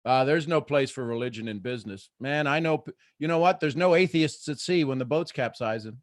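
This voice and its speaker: A man hosting a live motivational morning show, preaching with soft asides and sudden loud bursts of excitement. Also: mid-range voice, fairly quick, no room sound, clean studio sound. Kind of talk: energetic motivational talk.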